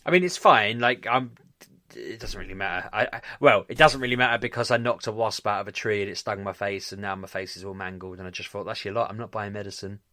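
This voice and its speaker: A man's voice: on the low side, fast talker, sharp tone. A man co-hosting a podcast, chatting in a rambling, self-mocking way. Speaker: podcast co-host. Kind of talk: casual chat.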